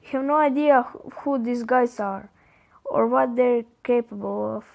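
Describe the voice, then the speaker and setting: A man's voice: extremely high pitch, a little slow, gravelly, darkish tone, exaggerated voice. Guy reading as a worried girlfriend texting back, croatian accent, urgent and pleading. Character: worried young woman friend texting.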